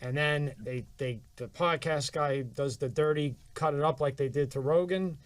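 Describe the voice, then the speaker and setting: A man's voice: fairly high pitch, moderate pace, no echo. A man hosting a casual podcast, talking in a blunt, profane, agreeing way. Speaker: podcast host. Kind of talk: casual chat.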